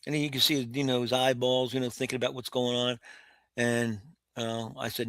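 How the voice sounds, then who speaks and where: Here an older guest from the United States relates war stories for an interview, blunt and rambling, with vivid detail and frequent restarts. He talks at a moderate pace in a level, medium-pitched, fairly bright voice, recorded dry and close with no echo.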